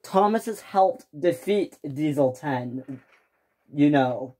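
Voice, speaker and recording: A strict middle-aged railway controller giving firm, scolding orders, as a woman narrating a toy train story puts him on. Slow and deliberate, with the pitch rising and falling widely. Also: animated, mellow, breathy edge, full character voice. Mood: stern.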